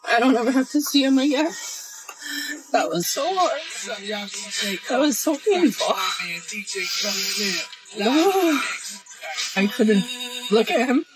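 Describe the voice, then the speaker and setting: A woman talks through an emotional confessional vlog in a halting, tearful way. Her voice sits a little high and she speaks slowly. Faint music runs underneath. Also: lively intonation, rough recording. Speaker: social media poster.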